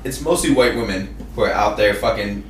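A man's voice: on the low side, a little fast, fairly bright tone, a little hiss or hum. A man co-hosting a casual podcast, rambling and swearing as he banters. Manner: rambling, swearing, mocking voices. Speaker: podcast co-host. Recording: echoey room from a distance.

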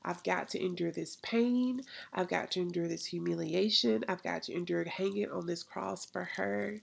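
A woman voicing Jesus as a grown man on the cross, speaking a quiet, earnest inner monologue. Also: on the low side, moderate pace, creaky. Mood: earnest resolve. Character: Jesus on the cross, adult man, enduring and devoted.

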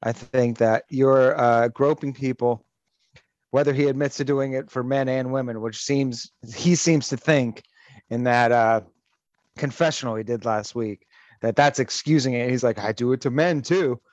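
A man's voice: mid-range voice, steady tone, measured pace, a little mellow, dry recording, muffled recording. A man hosting a casual podcast chat, ranting animatedly and profanely with frequent restarts. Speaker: podcast host.

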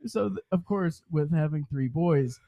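A man's voice: on the high side, unhurried, dry recording, phone-quality sound. A young man from Michigan in casual chat, telling a crude funny story with a joking manner. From Flint, Michigan. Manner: joking, crude, laughs often.

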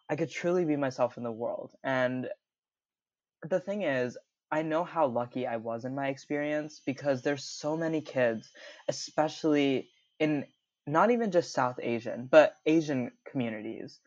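A man's voice: fairly high pitch, a little slow, darkish tone, no echo. Chatty young man, dull lo-fi sound. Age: young adult. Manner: chatty, full of "like" and "you know", laughs often. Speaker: interview guest. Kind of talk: casual storytelling interview. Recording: dull lo-fi recording.

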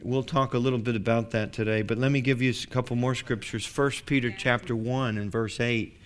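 A man's voice: mid-range voice, fairly even intonation, brisk. A man preaching a sermon as pastor, building to emphatic declarations.

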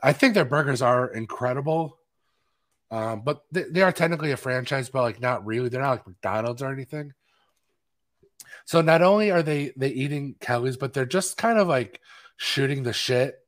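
A film podcast co-host chats casually, rambling loosely and pausing often for filler words. His voice falls in a middle range, and he sounds relaxed and conversational.

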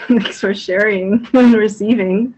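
A woman's voice: mid-range voice, steady tone, slow, a little mellow, husky, muffled recording. A woman leading a group sharing circle, bubbly and encouraging, often laughing.

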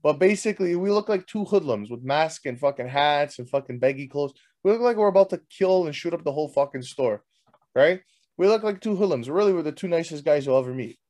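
A man's voice: fairly high pitch, a little mellow. A young man hosting, telling a story as a crude, heated comic rant full of swearing. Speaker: host. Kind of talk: profane comedic rant.

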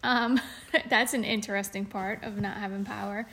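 A woman's voice: medium pitch, steady tone, normal speed, a bit bright, a little hiss or hum. A woman co-hosting a podcast, telling a story in casual chat with plenty of fillers and restarts. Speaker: podcast co-host.

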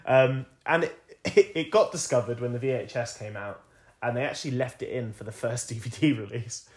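A man's voice: medium pitch, fairly quick, darkish tone. A young man co-hosting a podcast, chatting casually, explaining at length and laughing often. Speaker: podcast co-host.

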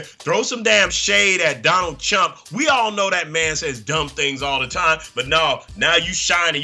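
A man's voice: a little high, sharp tone. A man hosting a comedy podcast segment, delivering a profane, mocking rant.

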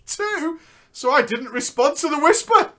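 A man tells a gaming story as a comedy chat, giggling and bantering between lines. His voice is bright and animated, with wide swings in pitch. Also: unhurried. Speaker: podcast host reading a story.

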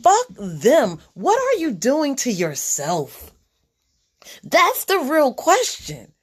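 A woman's voice: high-pitched, huge pitch swings, slow. A woman hosting a podcast, giving a general spiritual reading as a blunt, profane pep talk that repeats its key lines.

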